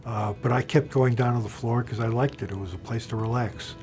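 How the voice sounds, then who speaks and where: A man's voice: medium pitch, fairly even intonation, fairly quick, darkish tone, soft background music. An older man recounting his years as a floor trader and governor in an oral history interview, speaking bluntly with frequent fillers.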